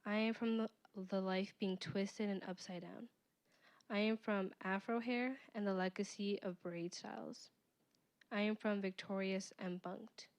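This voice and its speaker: A seventh-grade girl reads her own poem carefully at a school board meeting. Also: medium pitch. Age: teens. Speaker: middle school student. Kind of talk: poetry reading.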